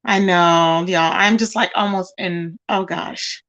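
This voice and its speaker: A woman's voice: on the low side, fairly even intonation, slow pace, a bit bright, dull audio. A woman hosting a casual livestream, chatting straight to her viewers and calling them "y'all" and "child". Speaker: livestream host.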